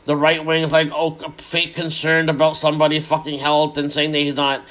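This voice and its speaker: A man's voice: fairly high pitch, monotone, fairly quick, a bit bright. A man in an angry, heavily profane solo rant. He is sarcastic and keeps repeating words as he restarts his sentences.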